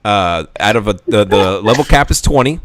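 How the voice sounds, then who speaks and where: A man's voice: on the low side, lively intonation, normal speed, a bit bright, slight background noise. A man co-hosting a casual comedy podcast, stammering through restarts and laughing at himself. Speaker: podcast co-host.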